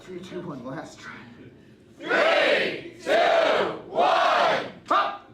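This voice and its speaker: A man's voice: high voice, wildly swooping pitch, very slow. A man performing a live stage comedy routine, joking at his own expense and coaxing the audience to cheer along. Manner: joking, self-mocking, coaxing the crowd to cheer. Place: live venue before an audience. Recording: roomy distant mic with loud crowd and noise.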